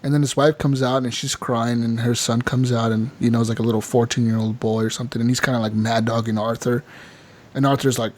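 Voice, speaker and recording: A man co-hosting a casual gaming podcast, telling a game's story with lots of swearing and putting on quick voices for the characters. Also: mid-range voice. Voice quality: animated storyteller, swears freely, acts out characters in quotes. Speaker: podcast co-host.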